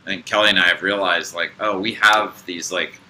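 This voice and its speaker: A man with a low voice and a bright, forceful edge, chatting on a podcast about spiritual ideas. He rambles and restarts his sentences often, with a faint hum of room ambience behind him. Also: fairly even intonation, fairly quick, low-quality recording. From United States. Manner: rambling, hesitant, many fillers and restarts. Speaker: podcast co-host. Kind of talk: casual spiritual podcast chat.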